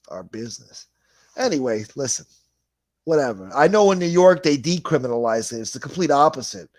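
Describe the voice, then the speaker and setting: A man's voice: mid-range voice, darkish tone, no room sound. A man hosting a livestream in a casual chat, reading viewer comments aloud in a laid-back, rambling way and swearing freely. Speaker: livestream host.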